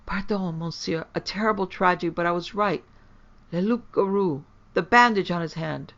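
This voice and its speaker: A man voicing an excitable frontier guard, who shouts and stammers. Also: high-pitched, moderate pace, vocal fry, pitched above the performer's own voice. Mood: stammering. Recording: dull lo-fi.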